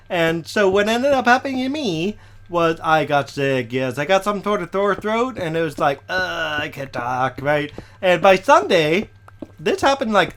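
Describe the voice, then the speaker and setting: Chatty, slightly hoarse young-sounding man. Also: on the high side, a bit bright. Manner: chatty, rambling, with frequent "okay?" tag questions. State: slightly hoarse, recovering from a cough. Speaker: Minecraft let's player. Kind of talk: casual gameplay commentary.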